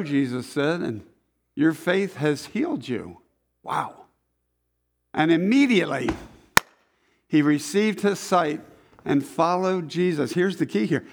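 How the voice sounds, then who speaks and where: A man pastor reading a Bible passage aloud and acting out the characters' lines as he goes. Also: fairly high pitch. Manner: dramatizes the story, putting on voices for the crowd. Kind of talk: animated scripture reading with acted voices.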